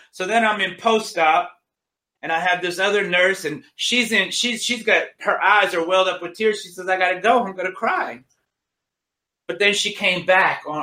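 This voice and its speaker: A man's voice: high voice, pushed and bright, echoey room. A man sharing a personal faith testimony, emphatic and retelling conversations line by line. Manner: emphatic, retells dialogue with many "she says".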